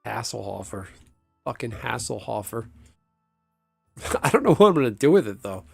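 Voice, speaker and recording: A man in the middle of an ordinary pitch range chats casually during a game stream. He rambles, swears freely and laughs often. His voice sounds dry and close, with faint music underneath. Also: very animated, moderate pace, gravelly, darkish tone, slightly rough, dry recording. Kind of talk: casual chat while gaming.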